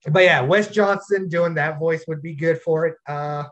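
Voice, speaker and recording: A male podcast host chatting casually with friends. His voice sits a little high for a man, and he muses aloud with hesitant restarts. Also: steady tone, moderate pace, fairly bright tone. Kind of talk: casual chat.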